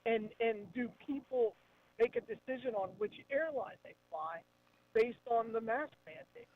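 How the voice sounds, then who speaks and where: A man's voice: extremely high pitch, a little slow. A man calling into a radio show as a regular guest, chatty and wry. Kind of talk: casual radio chat. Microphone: phone line. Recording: dull phone line audio.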